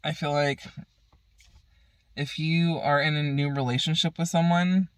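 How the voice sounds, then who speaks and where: A man's voice: fairly high pitch, fairly even intonation, unhurried, clean tone, dry recording. Profane ranting vlogger man, dry sound. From San Francisco Bay Area. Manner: profane, heated, gossipy ranting. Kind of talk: casual ranting vlog.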